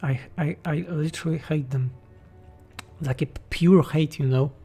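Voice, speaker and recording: A man's voice: a little high, fairly even intonation, normal speed, mellow, husky, soft background music. A man from Poland with a Polish accent, a game mod developer reading chat questions aloud and answering them bluntly and jokingly on a livestream.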